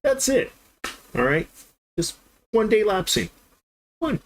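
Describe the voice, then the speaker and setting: A man's voice: sits high, slow pace, a little hiss or hum. A man in his thirties streaming games and telling a long, rambling story, acting out the dialogue as he goes. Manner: rambling, animated storyteller who acts out the dialogue. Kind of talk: casual storytelling on a live stream.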